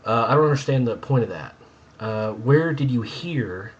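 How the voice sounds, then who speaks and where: A man's voice: mid-range voice, animated, normal speed, muffled recording. A man hosting a podcast, ranting in a blunt, sarcastic way in casual chat. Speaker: podcast host.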